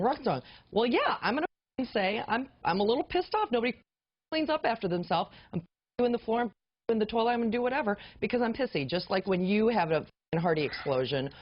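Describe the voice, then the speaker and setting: A woman speaks insistently and with frustration, defending herself in an argument with housemates. Her voice sits at an ordinary pitch. The audio is slightly muffled broadcast sound. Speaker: reality show houseguest. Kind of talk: heated argument.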